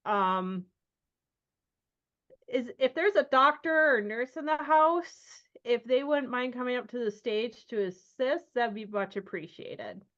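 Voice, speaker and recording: A woman's voice: fairly high pitch, expressive, slow, fairly bright tone, pitched above the performer's own voice. A woman voicing a flustered male stage magician who talks awkwardly and halts with many ums. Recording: dull lo-fi sound.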